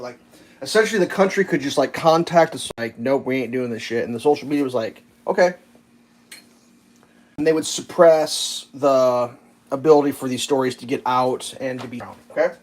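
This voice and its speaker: A mid-range male voice belongs to a livestream host cooking as he rambles, curses, and fills his speech with fillers. The audio is poor, with slight background noise and faint kitchen clatter.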